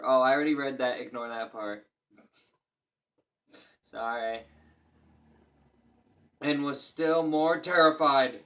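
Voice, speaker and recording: A man's voice: mid-range voice, animated, measured pace, pauses often, fairly bright tone. A man reading a fairy tale aloud at a casual pace and breaking off for crude, joking asides. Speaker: reader.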